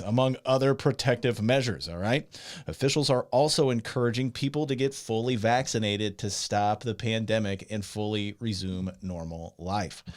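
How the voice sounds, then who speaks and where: Man co-host, methodically reads out news, casual tone. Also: mid-range voice. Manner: steady, reads lists methodically. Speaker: podcast co-host. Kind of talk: casual chat and reading news items.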